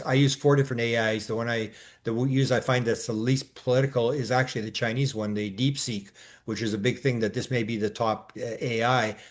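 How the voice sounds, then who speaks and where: A man co-hosting a casual discussion, talking in long rambling stretches full of restarts and filler sounds, and growing animated as he recounts his exchanges. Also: mid-range voice. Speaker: co-host.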